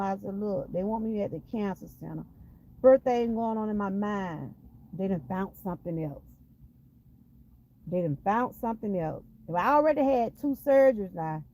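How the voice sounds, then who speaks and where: A woman's voice: mid-range voice, warm tone, rough recording. A woman with a Southern US accent from Georgia, giving an emphatic personal faith testimony and repeating phrases for weight. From Georgia, USA. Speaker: vlogger sharing a testimony.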